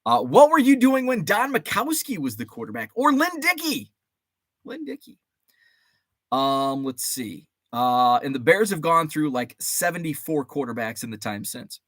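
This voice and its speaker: A man around forty hosts a casual livestream, rambling through memories, greeting chat viewers by name, and swearing mildly. His medium-pitched, slightly bright voice has lively intonation at a normal speed with hardly any pauses. The recording is dry, with clean studio sound.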